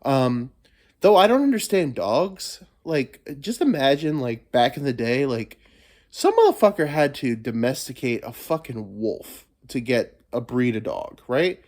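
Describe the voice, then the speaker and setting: A man's voice: medium pitch, sing-song, measured pace, a little mellow. A man hosting a solo podcast, rambling playfully and swearing a lot, getting over a cold. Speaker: podcast host. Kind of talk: casual solo podcast monologue.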